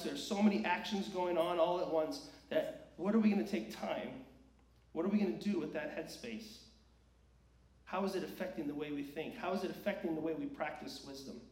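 In a reverberant church sanctuary, a male preacher with a fairly high, darkish voice gives an earnest sermon, driving his point with rhetorical questions. He sounds distant from the mic in the echoey hall.

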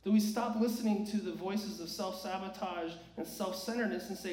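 A male preacher with a fairly high, slightly mellow voice speaks briskly with few pauses, pressing an earnest sermon through rhetorical questions. He is far from the mic in an echoey church sanctuary.

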